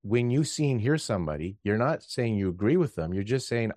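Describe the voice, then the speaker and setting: A low-voiced man hosts an interview, reflecting on and affirming what his guest says. The sound is dry, with no room echo. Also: lively intonation, fairly quick, a little mellow. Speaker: host. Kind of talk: conversational interview.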